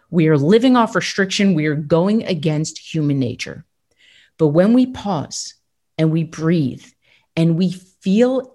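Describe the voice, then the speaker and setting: Low-ish woman's voice, pumped up podcast host coaching her listeners. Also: a little mellow. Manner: upbeat, emphatic, coaching tone. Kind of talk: motivational podcast talk.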